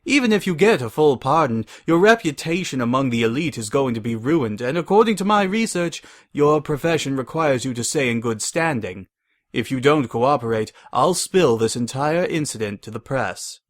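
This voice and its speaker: A man voicing a calm, smug male pony agent who schemes. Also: medium pitch, normal speed, natural voice.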